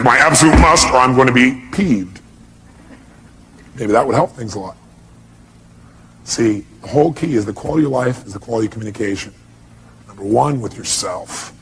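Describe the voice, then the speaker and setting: A man giving a motivational seminar talk, animated, acting out quotes in a raised voice and asking the audience questions. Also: mid-range voice, slight background noise, poor audio. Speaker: motivational speaker.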